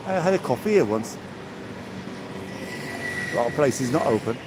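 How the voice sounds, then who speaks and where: Background noise surrounds a man in his sixties from England as he walks a seaside promenade, live-streaming and chatting casually while naming the viewers he greets. His medium-pitched voice is expressive and moves at a normal speed.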